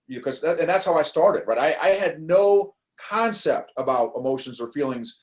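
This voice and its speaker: An older man talking as a podcast guest in a casual interview, animated and prone to quick restarts, laughing as he tells a story. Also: a little high. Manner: animated, laughs while telling stories, frequent restarts. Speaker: podcast guest, course creator.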